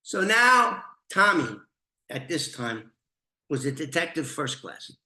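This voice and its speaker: A middle-aged man with a New York accent telling an old story, animated and swearing freely. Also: fairly high pitch, takes it slowly. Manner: animated, swearing, restarts, laughs. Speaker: storyteller, former informant. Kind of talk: casual storytelling to camera. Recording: echoey room.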